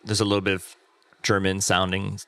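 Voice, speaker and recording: A man hosting a casual conversation, relaxed and leading the talk with questions. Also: low voice, a little fast, no room sound. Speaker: host.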